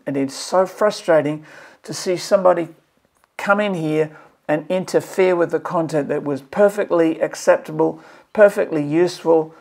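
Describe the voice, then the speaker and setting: A man's voice: fairly high pitch, vocal fry, a little mellow. A man from Australia, a maths educator presenting a video series, giving earnest, exasperated commentary and pleading with repeated phrases. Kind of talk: impassioned commentary to camera.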